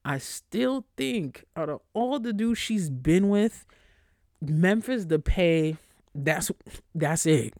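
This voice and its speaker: A young adult podcast host delivers a casual solo monologue, blunt, slangy and full of swearing, slowly and expressively. When worked up, the voice climbs high and loud; the studio-quality audio has no echo.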